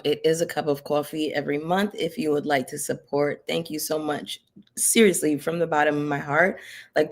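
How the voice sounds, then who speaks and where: A woman's voice: deep voice, creaky. A young woman who runs a reality TV commentary channel, chatting casually and heartfelt to her audience with lots of filler words. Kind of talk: casual direct-to-camera chat.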